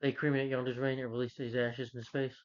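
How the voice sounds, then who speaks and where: A movie reviewer talks fast in a mid-range male voice that barely moves in pitch. Captured on a dull, lo-fi recording, he loosely rehashes a movie's plot, rambling with "like" and "you know" as fillers.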